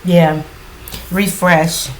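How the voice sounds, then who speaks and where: A woman with a lowish voice giving a relaxed spiritual card reading, still groggy with her morning voice and clearing her throat now and then. She rambles in a reassuring way, full of "you know" and "um". A faint hum of background noise sits under her. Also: drawn-out words, low-quality recording. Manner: reassuring, rambling with many fillers. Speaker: tarot card reader.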